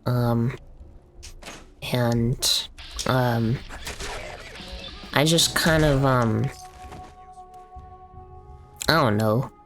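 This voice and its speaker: A man's voice: mid-range voice, extremely slow, pauses often, a bit bright, soft background music. A young man talking casually on a live stream, venting in a rambling, profane way with lots of fillers.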